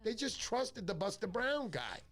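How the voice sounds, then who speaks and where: A man's voice: high-pitched, very animated, normal speed, fairly bright tone. A middle-aged man, hosting a fishing livestream in casual chat, joking and rambling through his stories. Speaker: fishing show host.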